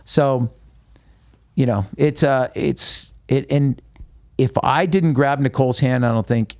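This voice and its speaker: A man, a guest musician, recounting a personal story in an interview, halting with frequent restarts. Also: medium pitch, darkish tone, dry recording, studio quality.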